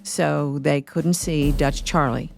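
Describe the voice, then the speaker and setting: A woman hosting a history podcast, telling an old outlaw story in a steady way with wry asides. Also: low voice, slow pace, vocal fry, faint music behind. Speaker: podcast host.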